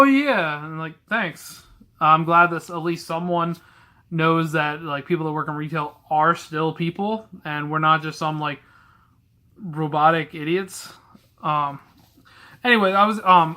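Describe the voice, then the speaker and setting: Bright-voiced young man telling blunt stories. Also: a little high. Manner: blunt, candid and rambling. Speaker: vlogger telling stories about a past retail job. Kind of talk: casual storytelling to camera.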